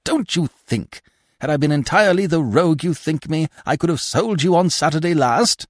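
A man's voice: on the low side, wildly swooping pitch, normal speed, dry recording, studio quality, exaggerated voice. A man voicing a heavy, sly, leering middle-aged theatre manager who talks in a bluff, wheedling way.

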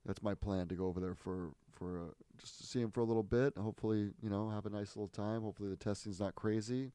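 Rambling, amused low-voiced man chatting. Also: fairly even intonation, quick pace, mellow, clean tone, no room sound. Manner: rambling, self-interrupting, amused storytelling. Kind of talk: casual chat.

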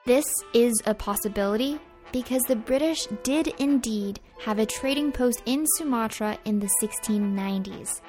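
A woman's voice: a little high, moderate pace, a little mellow. A woman co-hosting a food history podcast, reading a script in turns with her partner in an upbeat way. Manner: upbeat, reads facts in turns with co-host. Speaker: podcast co-host. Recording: faint music underneath.

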